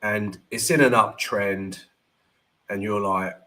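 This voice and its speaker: A man's voice: fairly low pitch, steady tone, slow, pushed and bright. A man hosting a live trading stream, talking casually and with energy, and often checking in with "right?".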